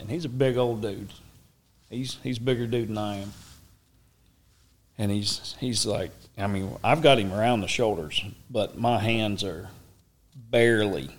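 Man telling a lively story. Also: on the low side. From Oklahoma, USA. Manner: animated, acts out quoted speech, drawling. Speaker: interview guest. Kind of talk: casual storytelling.

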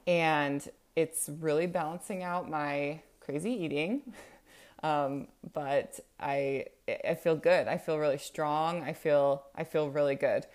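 A woman in her thirties hosting a casual solo podcast, chatty and a bit self-conscious, with frequent ums. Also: low-pitched. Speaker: podcast host.

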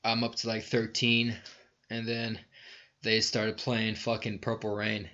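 A man's voice: fairly low pitch, monotone, a little slow, bright, forceful tone, muffled recording. A man telling a rambling, profane bar story in casual chat. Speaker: podcast co-host telling a story.

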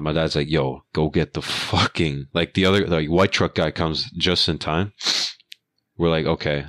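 His voice rumbles low as this young man casually recounts something that happened at work, swearing and using lots of slang. He animatedly acts out what everyone said with quoted voices, and no room sound is present.

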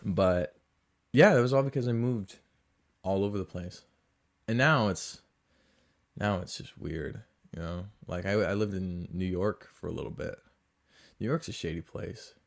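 Rambling podcast host with shifting drawl. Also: male voice, sits low, measured pace, vocal fry, pauses often. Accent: mix of Southern US and Boston. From American South and New England. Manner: rambling, self-mocking, animated. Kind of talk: casual storytelling monologue.

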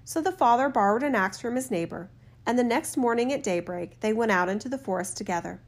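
Woman reading a fairy tale aloud. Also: a little high. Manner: steady, measured reading. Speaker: storyteller. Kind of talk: storybook narration.

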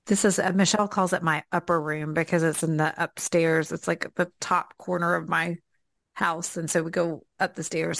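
A middle-aged woman with a Southern drawl chats as co-host of a faith podcast, rambling warmly with plenty of fillers. Her voice sits low with a gravelly edge. The sound is dry and close. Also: no echo. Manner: chatty, rambling, with fillers and laughs. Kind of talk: casual faith podcast chat.

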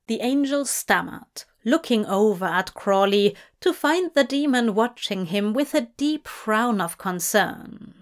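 A woman narrating a fan story as an audiobook in slow, measured reading. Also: medium pitch, animated. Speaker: fanfiction reader.

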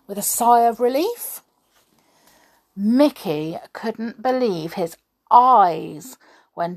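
A woman reading a children's story aloud, then chatting in a homely way to her listeners. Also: medium pitch. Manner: chatty, homely, laughing asides.

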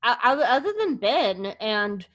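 A woman's voice: on the high side, sing-song, normal speed, a bit bright, poor audio. A woman hosting a podcast in casual chat, gushing enthusiastically and rambling with frequent restarts and fillers. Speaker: podcast host.

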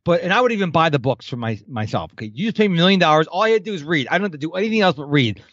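A man's voice: a little high, animated, very fast, fairly bright tone, no echo, dull audio. A man in his fifties, a podcast guest, talking animatedly in a casual interview and acting out the people he quotes. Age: 50s.

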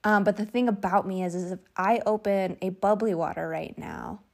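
A young woman hosting a loose solo podcast from her bedroom at night, chatty and rambling with lots of fillers, relaxed and drowsy as she lies down. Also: medium pitch, moderate pace, gravelly. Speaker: podcast host. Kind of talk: unstructured solo podcast chat.

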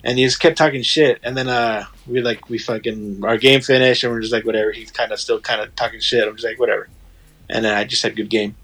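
A man's voice: mid-range voice, fairly even intonation, fast, fairly bright tone. A man in casual chat, telling a rambling, profane story and quoting what others said.

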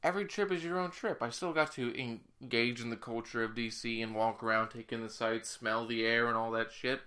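A young man telling a rambling story in a casual chat, now and then shouting to imitate someone. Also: mid-range voice, fairly even intonation, fairly quick. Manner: rambling storyteller, loud bursts when imitating others.

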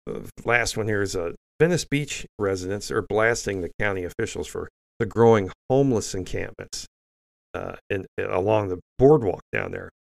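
A man's voice: lowish voice, lively intonation, moderate pace, gravelly. An older man hosting an opinionated news commentary show, blunt and scornful, often restarting sentences with fillers.

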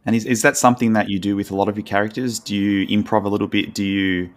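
A man's voice: lowish voice, little pitch movement, fast, dry recording. A man hosting an interview, asking questions casually and affirming often. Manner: casual, affirming, uses slang.

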